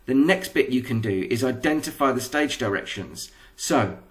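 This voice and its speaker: English male teacher, patient step-by-step lesson, mid pitch. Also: lively intonation, moderate pace. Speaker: primary school teacher. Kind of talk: recorded lesson explanation.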